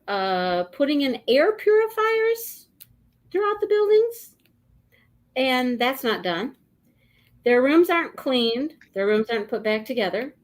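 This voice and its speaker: Casual co-host: woman, high voice, lively storyteller who laughs a lot. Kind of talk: casual chat.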